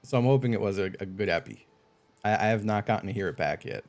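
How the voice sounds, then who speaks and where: A man's voice: lowish voice, fast talker. A man streaming a game live, chatting casually with viewers, swearing and getting exasperated. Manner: animated, swearing, exasperated outbursts.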